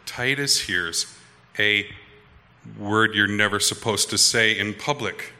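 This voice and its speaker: A pastor in his thirties from Wisconsin tells a story from the pulpit in a loose, conversational way and keeps checking in with his congregation. His voice is very bright and forward. It rings with the long reverb of a church hall. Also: lowish voice, slow. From Wisconsin, USA. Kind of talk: storytelling sermon.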